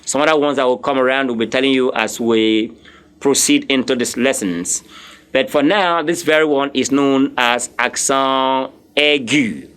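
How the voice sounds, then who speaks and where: A male French teacher, drilling vocabulary slowly and spelling words out letter by letter. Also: mid-range voice, a bit bright, clean tone. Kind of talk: classroom lesson, drilling vocabulary.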